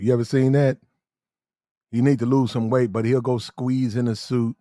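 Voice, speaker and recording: A man giving blunt, slang-heavy dating advice in casual talk, drawing out his words slowly when he lists details. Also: medium pitch, fairly even intonation, warm tone, dry recording, studio quality.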